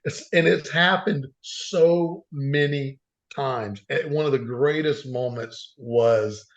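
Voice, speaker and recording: A man's voice: mid-range voice, takes it slowly. A man telling earnest stories as a podcast guest, rambling with frequent restarts. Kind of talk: casual storytelling. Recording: dull lo-fi sound.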